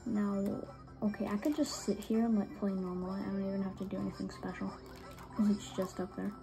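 A young woman giving casual commentary while playing a video game, excitable, muttering to herself and then breaking into frustrated shouts. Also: mid-range voice, brisk, over music. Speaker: gamer streamer.

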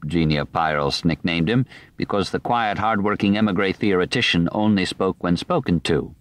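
A man narrating a nonfiction audiobook in a measured, even reading voice on a studio microphone. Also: low voice, no echo.

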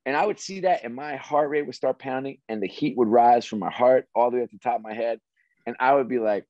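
Middle-aged man, interview guest, animated storytelling, dry slightly dull audio. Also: mid-range voice, fast, no echo. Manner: animated, with frequent restarts and "like". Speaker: interview guest, former sports executive.

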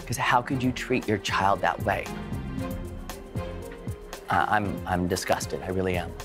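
A man's voice: low voice, a little slow. A middle-aged man working as a bridal consultant, talking earnestly and emotionally, stammering and restarting. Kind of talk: reality TV commentary and consultation. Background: music.

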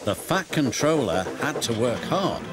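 Lively male storybook narrator. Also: medium pitch, a little slow. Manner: lively, expressive. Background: loud music.

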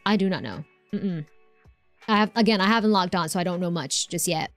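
A woman's voice: lowish voice, brisk, dry recording, soft background music. A woman live-streaming a game, chatting casually and answering her chat with lots of fillers and restarts.

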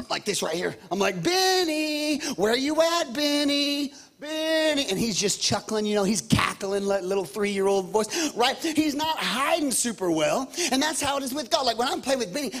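A pastor in his thirties preaching a lively sermon, repeating himself and calling out to the congregation. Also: sits high, a little fast, vocal fry, slightly rough. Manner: animated, repetitive, calls out to the congregation.

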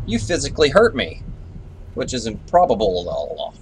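A man's voice: medium pitch, huge pitch swings, moderate pace, slight background noise. A young man giving live commentary on a horror game, jumpy, swearing and scolding the characters on screen. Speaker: let's play gamer.

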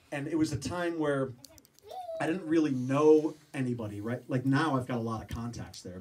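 A man telling stories to a live audience in an animated, profane spoken-word style, acting out voices with sudden shouts. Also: medium pitch. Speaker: speaker at a show. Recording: distant mic with background noise.

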